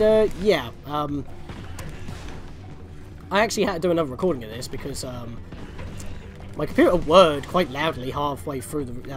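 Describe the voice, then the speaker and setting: A young man giving rambling, chatty commentary over a video game walkthrough, often correcting himself mid-sentence. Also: on the high side. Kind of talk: casual gameplay commentary. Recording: game music faintly behind.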